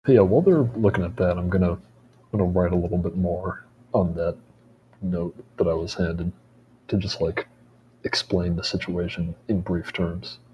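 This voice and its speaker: A man's voice: sits low, steady tone, normal speed, mellow. A man casually chatting as a player in a tabletop game, offhand and trailing off. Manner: offhand, trailing off mid-sentence. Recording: muffled mic with faint background noise.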